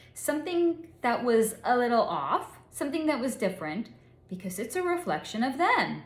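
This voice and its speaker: A woman's voice: a little high, roomy sound. A woman psychic relaying a channeled reading in a blunt, candid way, swearing freely and spelling out crude words. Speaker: psychic reader.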